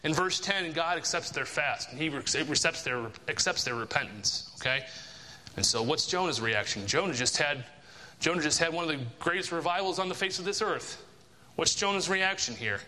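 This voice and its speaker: A preacher whose voice sits on the high side, pushed and bright, delivers his sermon at a moderate pace with lively intonation. The recording carries a large hall's long reverb, and he speaks emphatically, repeating key phrases and posing rhetorical questions.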